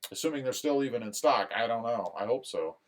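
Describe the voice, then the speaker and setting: A man's voice: mid-range voice, expressive, brisk. A man hosting a live stream in a casual, joking way, reading viewer comments aloud. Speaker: livestream host reading chat.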